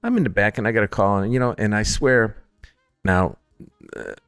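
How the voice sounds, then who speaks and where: A man's voice: lowish voice, normal speed, a bit bright, smooth, faint music behind. A middle-aged man from Upstate New York telling stories as a distillery founder being interviewed, acting out calls in other voices. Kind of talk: casual storytelling in a podcast interview.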